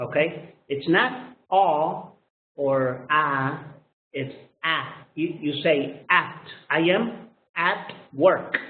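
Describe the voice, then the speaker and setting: A man teaching English pronunciation, speaking natively, who drills vowel sounds over and over and keeps checking with "okay?". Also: on the high side. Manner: slow, repetitive, drills sounds with frequent "okay?". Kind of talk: classroom lesson explanation. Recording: echoey room on a tinny lo-fi line.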